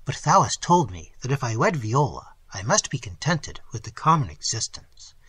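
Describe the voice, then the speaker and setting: A man's voice: medium pitch, big pitch swings, moderate pace, fairly bright tone, slightly rough, no echo, exaggerated voice. A man voicing a fervent, restless young Englishman. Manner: anxious and fervent, pleading. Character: impassioned, restless young Englishman craving forbidden knowledge.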